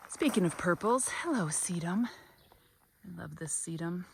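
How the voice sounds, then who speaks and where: A woman's voice: on the low side, expressive, measured pace, vocal fry, a little hiss or hum. A woman giving a casual, chatty walkthrough of her flower garden, gushing over the blooms and a little tired and out of breath after a long drive. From American Midwest. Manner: chatty, gushing about flowers, many ums. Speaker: garden vlogger. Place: outdoor garden on a summer evening. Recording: faint outdoor ambience with crickets.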